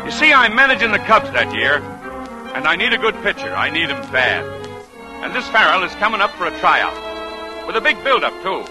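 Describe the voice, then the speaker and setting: Gruff middle-aged ball manager, sarcastic, high and lively voice, old radio with music. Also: male voice, normal speed, low-quality recording. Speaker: narrator and baseball manager. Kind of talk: 1940s radio acting.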